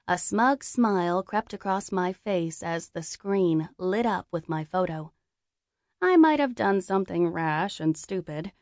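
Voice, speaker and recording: Woman reading an audiobook, low and dry. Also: dry recording. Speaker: narrator. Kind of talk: audiobook narration.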